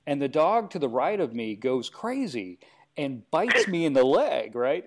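A man with a slightly high voice hosts a casual chat, unhurried, with a little hiss or hum in the audio. He tells funny stories in a lively way and imitates the voices of the people in them.

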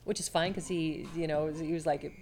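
A woman in her forties, a longtime television host, chatting as a guest and telling stories in a lively way, acting out the people she quotes. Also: low voice, fairly quick, creaky, soft background music. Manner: animated storyteller, acts out quotes. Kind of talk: casual chat.

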